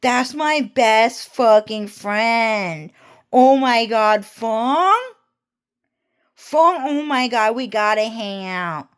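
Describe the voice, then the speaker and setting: A shrill, catty young woman, shrieks insults and curse words in a high, strained voice. She gushes over one friend and sneers at another. Her pitch jumps far above the narrator's own voice. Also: very slow, clean tone. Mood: shrill mocking. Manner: shrieking, cursing, gushing then sneering.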